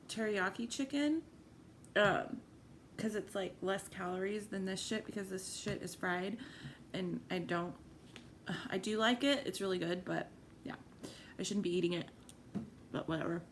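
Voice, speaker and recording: A young woman chats loosely into her phone or camera as she eats, her talk wandering and full of self-mocking asides and swearing. Her pitch sits in the middle for a woman. A faint background hiss runs under the home recording. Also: unhurried, long pauses. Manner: rambling, self-deprecating, cursing, frequent laughs. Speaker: vlogger. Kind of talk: rambling casual chat while eating.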